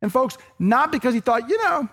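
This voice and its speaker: A man's voice: very high voice, lively intonation, a little fast, a bit bright, husky. A man preaching a sermon in a conversational, emphatic way, often checking in with his listeners. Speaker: pastor.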